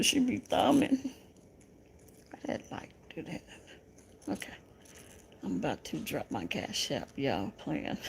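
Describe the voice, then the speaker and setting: Southern woman host, creaky gravelly voice, unhurried, chatty live-chat banter with lots of laughter. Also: medium pitch, a little mellow, a little hiss or hum. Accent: Southern American. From American South. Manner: laughs often, teasing and chatty with viewers. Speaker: livestream host reading viewer comments.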